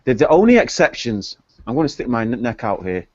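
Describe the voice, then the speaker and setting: A man's voice: medium pitch, sing-song, a little fast, darkish tone, no echo. Hesitant man, dry lo-fi call audio. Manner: hesitant, repeats words, opinionated. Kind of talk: casual group chat. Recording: dull lo-fi online call audio.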